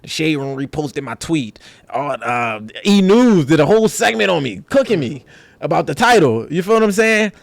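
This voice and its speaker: A man with a Philadelphia accent, a podcast guest in casual conversation, talking in an animated, profane street style and acting out quoted voices. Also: fairly high pitch, normal speed, gravelly, no room sound.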